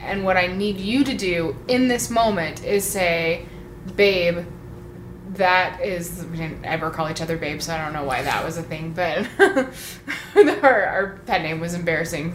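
A woman's voice: on the low side, fairly bright tone. A woman in casual chat, talking freely with swearing and acting out quoted lines. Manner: chatty, swearing, acts out quotes. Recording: echoey room, faint noise.

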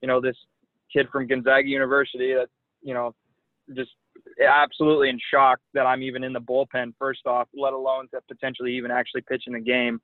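A young man, a professional pitcher, telling a lively anecdote in casual chat, full of "like" and "you know". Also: fast, dry recording. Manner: animated anecdote telling with many likes and you knows. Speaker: guest, pro baseball pitcher. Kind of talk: casual storytelling. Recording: tinny phone line.

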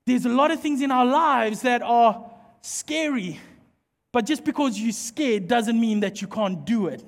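Preacher, animated and playful, long church-hall reverb. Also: male voice, very high voice, a little slow. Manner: animated, playful, jokes with the congregation. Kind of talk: sermon with humorous storytelling.

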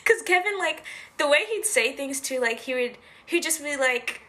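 A young woman co-hosting a podcast, telling stories in a lively, giggly way. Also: sits high, unhurried. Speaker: podcast co-host. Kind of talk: casual chat.

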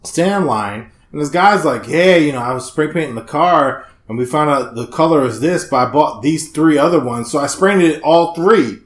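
A man's voice: on the high side, normal speed, hardly any pauses, echoey room. A man co-hosting a casual chat, telling stories animatedly, swearing and acting out other people's lines. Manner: animated storyteller, swears, acts out voices. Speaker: podcast co-host.

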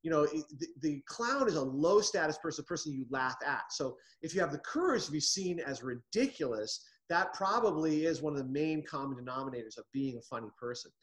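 A middle-aged man from the United States, a comedy writer and interview guest, who tells stories in an animated way with frequent restarts. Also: a little high, a little fast, few pauses. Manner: animated storyteller, restarts often. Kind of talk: casual interview.

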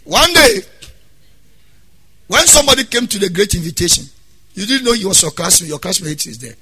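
A raspy male pastor preaching with a high, bright voice. He drops to quiet asides, then bursts into loud, half-sung exhortations. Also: sing-song, a little fast. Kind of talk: sermon.

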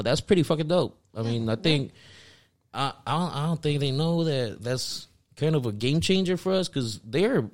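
Chill podcast guy, swears a lot, lots of uhs, regular middle pitch. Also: a little mellow. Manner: laid-back, swears often, many fillers. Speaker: podcast host. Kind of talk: casual chat.

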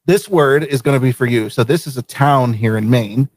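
A man's voice: mid-range voice, normal speed, darkish tone, dry recording. Easygoing man hosting a live show. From Vermont. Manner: easygoing, laughs often. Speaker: show host. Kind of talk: casual chat on a live show.

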